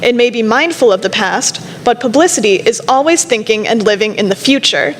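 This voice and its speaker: A young woman reads out her prepared paper, measured and careful, her voice pitched a little high. The sound carries a long reverb from the lecture hall, with a faint hum of the room behind her. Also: animated. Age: young adult. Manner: measured, reads quotations slowly. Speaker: student presenter. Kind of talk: reading a prepared academic presentation.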